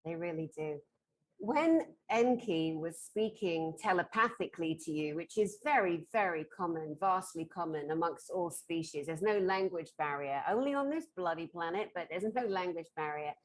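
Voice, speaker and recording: A woman's voice: fairly low pitch, lively intonation, moderate pace, a little hiss or hum. Woman host asking long rambling questions in an interview.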